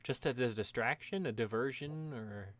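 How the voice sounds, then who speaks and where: A man's voice: mid-range voice, moderate pace, no room sound. A man in casual chat, telling stories animatedly, swearing freely and acting out quoted characters.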